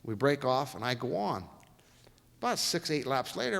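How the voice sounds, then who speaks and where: A folksy male guest speaker tells stories in a lively, swooping voice. He acts out each quote, and his voice rings through a long echoey lecture hall. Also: medium pitch, normal speed, creaky. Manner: folksy, animated storyteller acting out quotes. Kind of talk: storytelling lecture.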